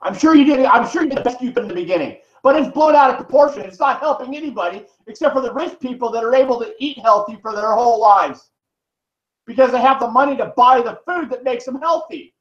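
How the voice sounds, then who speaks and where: A man's voice: extremely high pitch, fast talker, fairly bright tone. A man vlogger in pain, delivering a heated, profane, rambling rant to the camera. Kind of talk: angry direct-to-camera rant. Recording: echoey room, dull lo-fi sound.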